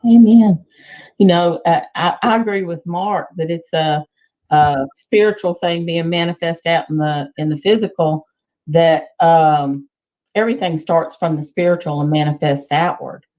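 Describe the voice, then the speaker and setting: A woman's voice: on the low side, unhurried, warm tone, highs cut off. A woman co-hosting a Christian talk show, agreeing and adding her thoughts. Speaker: co-host. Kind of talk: faith talk show discussion.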